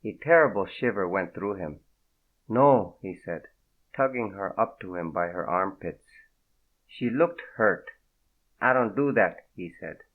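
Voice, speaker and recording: A man narrates an audiobook in a fairly low voice at a steady, unhurried pace. The audio sounds thin and narrow, as if heard over a phone line.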